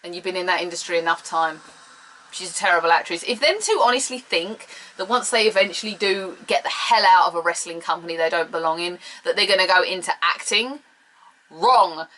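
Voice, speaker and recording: Bright-voiced, blunt British woman. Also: mid-range voice, fairly quick, poor audio. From United Kingdom. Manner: blunt, sarcastic and opinionated. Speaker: show reviewer. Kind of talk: casual solo review.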